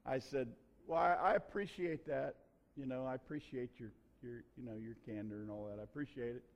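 A pastor preaching a sermon in a folksy, conversational way, telling a personal story. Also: male voice, mid-range voice, steady tone, fairly quick, vocal fry.

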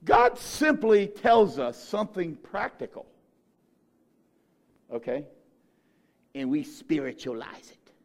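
Animated male pastor preaching. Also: fairly high pitch, slow pace, creaky, long pauses. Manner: animated storytelling, swings from quiet to shouting. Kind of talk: sermon.

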